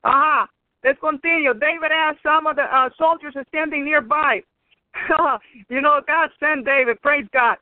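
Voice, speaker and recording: A woman's voice: high-pitched, moderate pace, dry recording. A woman whose first language is Spanish preaches, reading a Bible story aloud and breaking in with exclamations of praise and laughter. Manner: exclaims praise and laughs between read passages. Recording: tinny phone line.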